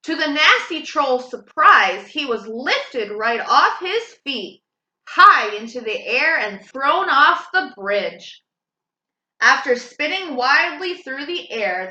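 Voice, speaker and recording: High, animated woman reading a storybook. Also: reverberant, rough recording. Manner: expressive, sing-song read-aloud. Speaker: children's storytime host.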